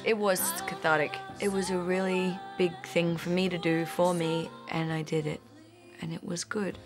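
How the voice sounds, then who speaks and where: An Australian woman with a slightly low voice speaks openly in an interview, catching now and then on a stutter. She laughs at herself along the way. Soft music plays under her words. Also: level tone, moderate pace. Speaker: singer being interviewed. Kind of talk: reflective interview.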